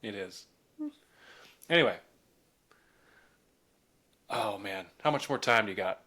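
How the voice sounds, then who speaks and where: A man's voice: on the low side, expressive, slow pace, pushed and bright. A man hosting a podcast, asking casual, rambling questions with many fillers. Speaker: podcast host. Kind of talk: casual interview chat.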